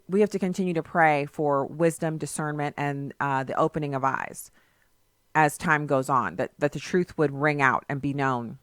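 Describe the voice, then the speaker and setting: A woman's voice: medium pitch, pushed and bright, no room sound. A woman hosting a talk radio show, delivering emphatic, sarcastic commentary in a conversational way on a studio mic. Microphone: studio microphone.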